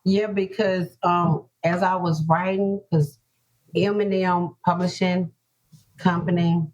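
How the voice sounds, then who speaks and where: Speaking slowly in a low, level, darkish voice, a woman author from North Carolina earnestly recounts her difficult journey during an emotional interview, repeating herself to drive points home. The lo-fi podcast recording is dull and carries a little hiss or hum.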